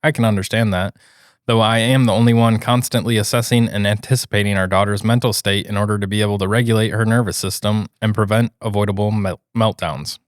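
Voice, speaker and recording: A man with a fairly low voice reads a post aloud at an even pace, then talks it over in relaxed, casual chat. The recording is dry and close to the mic. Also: quick pace, no echo. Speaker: podcast co-host reading stories.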